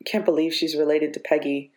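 A woman's voice: sits low, level tone, brisk, a little mellow, close to an everyday voice. Woman reading as Bucky, terse and guarded. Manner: terse, mumbling. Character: guarded, terse young man. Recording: echoey room.

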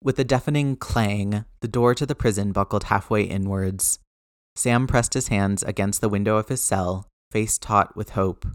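A man narrating fiction aloud in a lively, expressive reading. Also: on the low side, moderate pace, dry recording, studio quality.

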